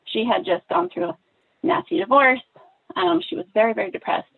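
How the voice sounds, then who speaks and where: A woman's voice: sits high, brisk, gravelly, husky. A woman guest on a podcast telling a moving personal story, acting out the dialogue with feeling. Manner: animated, acts out quoted dialogue. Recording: tinny phone-like line.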